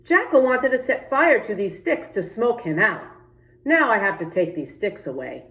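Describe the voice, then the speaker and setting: A woman voicing a fussy, indignant little male rabbit in a children's storybook, squealing high when upset. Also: big pitch swings, normal speed, a bit bright. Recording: echoey room.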